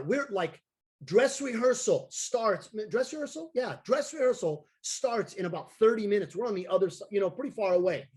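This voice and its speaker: A man, a circus clown and daredevil, telling an animated story on a video call and acting out the voices of the people in it. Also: high-pitched, a little fast. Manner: excitable, acts out voices of people in his stories.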